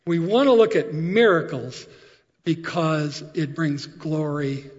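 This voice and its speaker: A male preacher tells stories from the pulpit in a relaxed, animated sermon voice that sits a little high for a man. His voice rings out with a long reverb tail, and the recording sounds slightly dull and muffled. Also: takes it slowly. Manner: conversational, animated storytelling with asides. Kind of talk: sermon storytelling.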